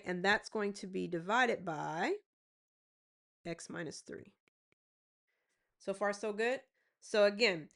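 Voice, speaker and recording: A woman math teacher, working through a lesson step by step, repeating key phrases and checking in with her students. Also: medium pitch. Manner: repeats phrases, checks in with "right?" and "y'all see?"; slows down to spell out terms.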